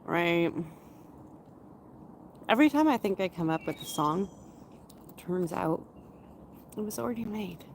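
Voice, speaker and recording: A Canadian woman in her thirties hosts a livestream, talking slowly and loosely with her viewers. Her voice sits a bit low, and her nose is runny. Faint outdoor ambience hums underneath. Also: expressive, slight background noise. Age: 30s. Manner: slow, rambling and chatty, with frequent fillers and laughs. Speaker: livestream host. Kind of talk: casual livestream chat, answering viewers. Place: outdoors in a forest area.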